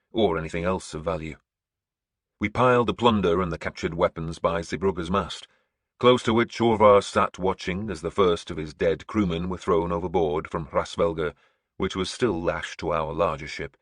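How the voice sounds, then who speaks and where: Deep husky male audiobook narrator. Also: no echo, studio quality.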